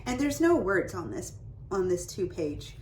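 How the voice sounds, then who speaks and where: A woman's voice: medium pitch, unhurried, slight background noise, poor audio. Chatty woman giving read-aloud tips. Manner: lively and chatty, showing off book pages. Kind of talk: casual instructional talk.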